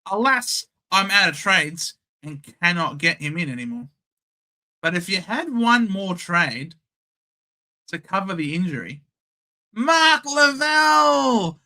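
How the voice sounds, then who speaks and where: Bright-voiced Australian man, unhurried. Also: high voice, lively intonation. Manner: cheeky, banters with chat, reads scores aloud. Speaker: livestream host. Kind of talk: casual live watchalong chat.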